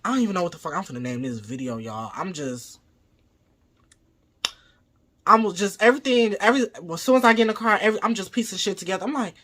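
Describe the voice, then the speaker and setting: A man with a bright, forward voice tells a storytime tale straight to camera. His delivery is loose and profane, and he slips into acting out what he said in the moment. It sounds like casual vlog talk. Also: high voice, fast, pauses often. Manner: profane, animated retelling, acts out his own quoted lines. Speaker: vlogger.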